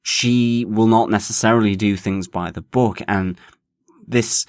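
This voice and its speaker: Low-voiced man co-hosting a podcast. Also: fairly even intonation, no room sound. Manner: measured, restarts, stretches key words. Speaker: podcast co-host. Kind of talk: casual TV review chat.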